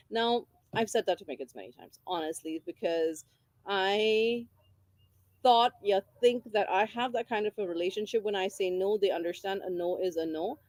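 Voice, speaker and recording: A woman's voice: mid-range voice, normal speed, a little mellow, dry recording. A woman giving an informal talk on parenting, explaining a book's ideas and repeating key phrases for emphasis. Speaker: parenting educator.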